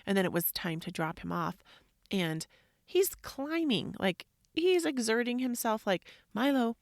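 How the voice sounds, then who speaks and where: A woman's voice: medium pitch, very animated, a little slow, no room sound, clean studio sound. A woman in her thirties, a mother talking through her parenting struggles, chatty and reflective, filling her talk with "like" and acting out what people said. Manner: chatty, frequent "like", acts out quotes. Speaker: podcast host. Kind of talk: personal reflective monologue.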